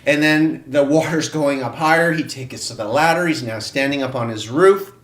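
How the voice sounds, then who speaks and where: A man co-hosting an online wellness class, telling a story in an earnest, animated way. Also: mid-range voice, moderate pace, reverberant, recorded from a distance. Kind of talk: live-stream storytelling.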